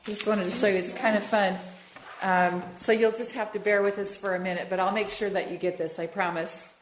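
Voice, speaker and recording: A woman's voice: medium pitch, steady tone, a little fast, a little hiss or hum. An American woman giving a public lecture, chatty and enthusiastic, repeating words for her audience. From USA. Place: lecture room. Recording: roomy lecture hall.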